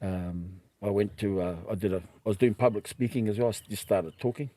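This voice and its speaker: Middle-aged New Zealand man, mellow and animated, spinning yarns on a podcast. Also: on the low side, brisk, no echo. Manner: animated, acts out quoted voices, laughs while telling. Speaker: podcast guest. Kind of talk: casual storytelling.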